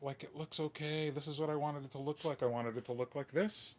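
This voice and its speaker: A man's voice: on the high side, fairly even intonation, fairly quick. A man hosting a live guitar-modding vlog at his workbench indoors, venting with weary, sighing frustration and repeating himself. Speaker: guitar modding channel host. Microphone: camera mic at a workbench.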